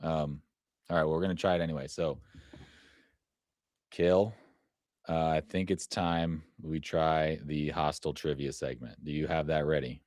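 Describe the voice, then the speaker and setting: Deep-voiced male host, halting, filler-heavy delivery, dry close sound. Live casual chat. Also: fairly even intonation, darkish tone, no room sound. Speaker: show producer and host.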